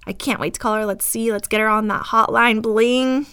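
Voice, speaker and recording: A woman's voice: fairly high pitch, fairly even intonation, normal speed, sharp tone, clear, resonant tone. A woman hosting a casual podcast, talking in a chatty, upbeat way with a slightly scratchy, itchy throat. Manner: chatty, upbeat, uses fillers like "um" and "like". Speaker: podcast host; dental professional.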